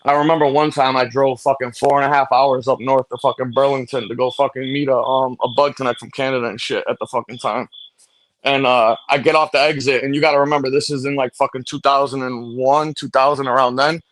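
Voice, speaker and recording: A man, telling a profane story fast in casual late-night chat and acting out the people in it. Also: medium pitch, flat delivery, a bit bright, no room sound. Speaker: host.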